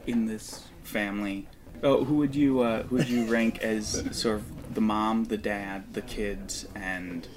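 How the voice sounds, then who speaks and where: A man's voice: lowish voice, steady tone, measured pace. Man asking rambling questions amid noise. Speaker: podcast host interviewing on set. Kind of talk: casual interview questions. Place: on a film set. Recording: noisy on-set recording.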